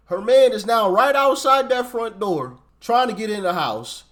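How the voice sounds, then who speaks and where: A man hosting a reaction show, giving slangy, animated commentary on a story. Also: high-pitched. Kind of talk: casual commentary.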